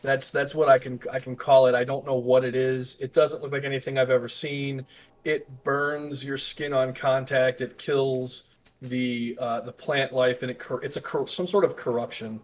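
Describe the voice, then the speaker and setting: A man playing a tabletop role-playing game, speaking hesitantly as he searches for words. His voice sits at an ordinary middle pitch. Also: little pitch movement, moderate pace. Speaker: player. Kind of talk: in-character tabletop play.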